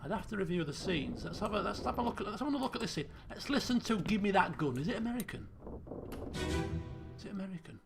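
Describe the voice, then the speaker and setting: A man's voice: high-pitched, sing-song, fast, gravelly. A man streaming a detective game, thinking aloud and quizzing himself as he pieces clues together. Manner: muses and questions himself. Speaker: let's play streamer. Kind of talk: thinking aloud while playing. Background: game music.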